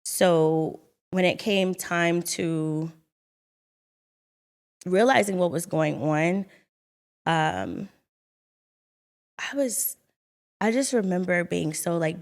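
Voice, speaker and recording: Young woman, slightly low voice, vocal fry, earnest, halting, reflective, personal testimony. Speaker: vlogger sharing her story.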